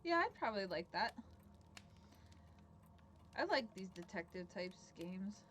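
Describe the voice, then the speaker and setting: A woman's voice: mid-range voice, sing-song, measured pace, a bit bright, a little hiss or hum. A young woman livestreaming a video game, chatting casually and thinking aloud, sometimes dropping to a mutter. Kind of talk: casual gameplay commentary.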